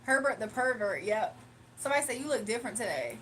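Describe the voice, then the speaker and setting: High-voiced woman chatting on a livestream. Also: sing-song, quick pace, fairly bright tone, a little hiss or hum. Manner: laughs often, slangy, reads chat aloud. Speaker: livestream host. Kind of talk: casual live-stream chat with viewers.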